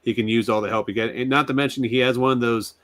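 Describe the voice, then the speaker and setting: A man's voice: mid-range voice, fairly even intonation, quick pace, a bit bright, no room sound. A man co-hosting a casual podcast chat, talking to viewers and plugging channels.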